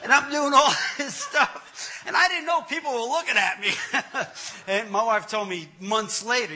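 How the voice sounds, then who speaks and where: A man's voice: very high voice, moderate pace. A man, an entertainer, telling his testimony as a comic story, laughing as he goes. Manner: animated, laughing through the story.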